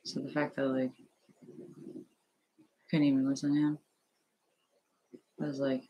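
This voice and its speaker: A young man with a mid-range, husky voice and a dark tone speaks in monotone for his personal vlog. Recorded at home on an earphone headset, the audio is dull. His manner is nervous and halting, rambling on with plenty of fillers and restarts.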